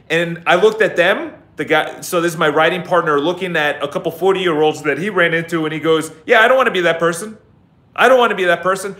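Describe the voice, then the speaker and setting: A man's voice: high-pitched, sharp tone. A man talking bluntly to camera in a casual motivational vlog, swearing freely and repeating phrases for emphasis, alone in an empty office. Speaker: real estate agency founder. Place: empty office near a busy city square. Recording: echoey office room.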